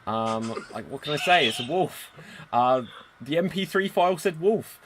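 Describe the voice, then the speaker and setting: A man's voice: on the high side, animated, normal speed, a little hiss or hum. A man with a British accent hosting a live improv game as game master, upbeat and theatrical.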